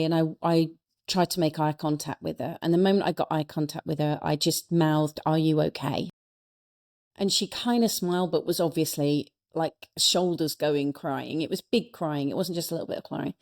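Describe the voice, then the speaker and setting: A middle-aged woman with a fairly low voice tells a personal story on a podcast. She talks with earnest warmth and often restarts her sentences. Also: normal speed. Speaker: guest, speaker and coach. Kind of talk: reflective storytelling in a podcast interview.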